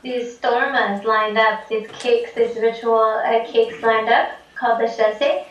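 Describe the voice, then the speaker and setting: A woman's voice: on the high side, steady tone, slow pace, muffled recording, slight background noise. A woman from Tibet casually telling a folk tale, chatty with many fillers and frequent laughs. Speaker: storyteller. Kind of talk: casual storytelling. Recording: echoey room, distant mic.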